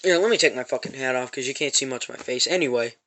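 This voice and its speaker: A man's voice: medium pitch, fast talker, bright, forceful tone. A man telling an angry, profane story about a confrontation in a parking lot, repeating himself as he goes. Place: parked van.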